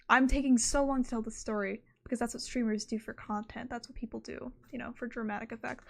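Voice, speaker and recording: A woman's voice: on the high side, steady tone, fast talker, vocal fry, few pauses. A young woman chatting casually on her stream from her room, rambling and cutting herself off, with "like" in nearly every sentence. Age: young adult. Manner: rambling, self-interrupting, full of "like". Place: her own room at home.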